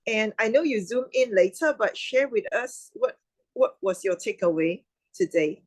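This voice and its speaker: Woman, host, chatty, laughs often, fairly high voice, dry sound. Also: expressive, moderate pace, a little mellow, no echo, rough recording. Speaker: meeting host. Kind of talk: online club meeting hosting. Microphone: video call.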